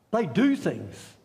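High-voiced man preaching with humor. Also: creaky. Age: middle-aged. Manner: animated, joking, talks with the congregation. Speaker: pastor. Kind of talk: Easter sermon. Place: church.

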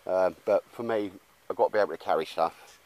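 Deep-voiced and a little mellow, this outdoor gear vlogger speaks at a quick pace while chatting to his handheld camera in the woods. He's blokey and rambling, and keeps calling people "mate."

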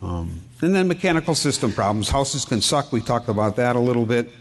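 A man's voice: medium pitch, expressive, fairly quick, a little hiss or hum. A middle-aged man, a home inspector giving a casual seminar talk, folksy and telling stories while quizzing his audience. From Wisconsin. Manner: folksy, asks the audience questions, tells anecdotes.

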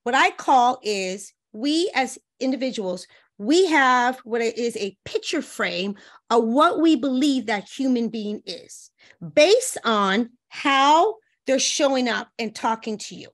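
A woman with a notably high voice speaks as a relationship coach on a talk show. She tells stories with energy and acts out what people say in playful voices. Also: slow. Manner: lively, breaks into playful quoted voices. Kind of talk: animated advice chat with acted-out quotes.

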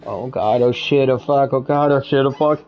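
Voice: mid-range voice, moderate pace, dull audio, faint music behind. A streamer playing a horror game live, panicking, swearing nonstop and yelping between nervous laughs.

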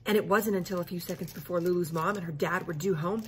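Woman reading a kids chapter book out loud, lively, chats about the story in between. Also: lowish voice, fast talker. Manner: expressive, stops to explain to listeners. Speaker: reader. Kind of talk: reading a children's book aloud.

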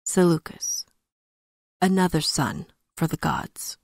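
A tender warrior prince soothing his grieving wife, soft-spoken and gentle, as a woman storyteller reads his lines. The voice is low and gravelly, close and dry. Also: slow pace, no echo, exaggerated voice. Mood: sorrowful.

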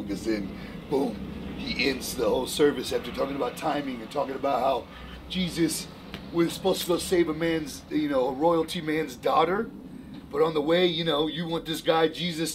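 A man in casual chat retelling a story in an animated, slangy way with lots of fillers. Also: mid-range voice, slight background noise, low-quality recording.

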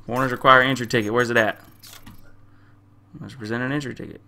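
Young male gamer, mid-pitched and bright, crude trash-talking commentary. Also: steady tone, fast talker. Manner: loud, crude trash talk at game characters; slangy, repeats himself. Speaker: gamer playing a game. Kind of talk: profane casual gameplay commentary.

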